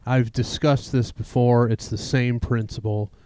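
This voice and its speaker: A man's voice: medium pitch, fairly even intonation, measured pace, warm tone, clear, resonant tone, no room sound. A man hosting a casual podcast chat, easygoing as he loosely steers the talk toward the next topic. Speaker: host.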